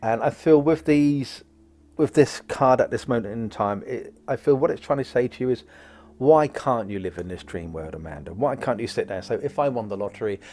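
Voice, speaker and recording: A man's voice: mid-range voice, lively intonation, normal speed, warm tone. A man hosts a casual oracle card reading, rambling and joking as he goes off on tangents. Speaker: psychic card reader, host.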